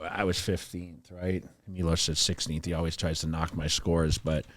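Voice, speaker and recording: A man hosting a casual podcast, asking loose, rambling questions at an easy pace. His voice sits a bit low and sounds dry and close. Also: level tone, moderate pace, fairly bright tone, dry recording. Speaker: podcast host, former bodybuilder.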